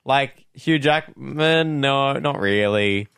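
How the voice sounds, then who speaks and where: A man's voice: medium pitch, slow, creaky, a bit bright, clean tone, no room sound, clean studio sound. A man co-hosting a podcast, rambling casually and searching for his words. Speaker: podcast co-host. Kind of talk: casual chat.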